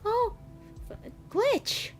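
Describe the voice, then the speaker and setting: A woman's voice: drawn-out words, faint music behind. A woman streaming a game, jittery and nervous, often laughing through her fright. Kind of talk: gaming stream chat.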